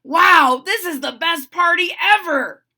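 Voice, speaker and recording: A woman voicing an eager young male puppy in a storybook read-aloud, exclaiming loudly. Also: very high-pitched, slow, voice pushed up, full character voice. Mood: excited.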